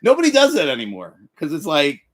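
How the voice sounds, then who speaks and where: Animated swearing livestream host, man. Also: a little high, fairly quick. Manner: animated, swearing, breaks into yelled impressions. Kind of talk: profane motivational rant.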